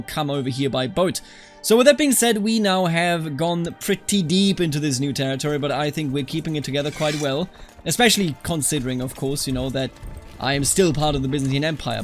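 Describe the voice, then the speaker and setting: A young man from Germany giving casual gameplay commentary on a strategy game, animated and quick to play-act outrage, scolding the game's characters. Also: on the high side. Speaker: strategy game let's-player.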